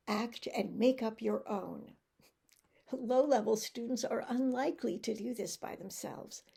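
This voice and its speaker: A middle-aged woman giving a recorded teacher-training presentation, speaking slowly and deliberately in a teacherly way. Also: mid-range voice, creaky, darkish tone, husky. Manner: slow, deliberate teacherly delivery with acted drill examples.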